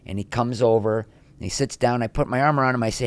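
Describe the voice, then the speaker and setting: A middle-aged man who acts tells candid behind-the-scenes stories in a podcast interview, animated and acting out quotes from others. His mid-range voice is fast, captured in a dry recording.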